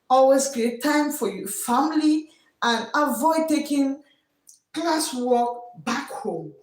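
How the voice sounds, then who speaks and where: A woman's voice: a little high, recorded from a distance. A woman teacher hosting a live stream with a West African English accent, who greets her viewers by name, repeats her words and encourages them with preachy advice. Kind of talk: casual live-stream talk. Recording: echoey room, voice from off mic.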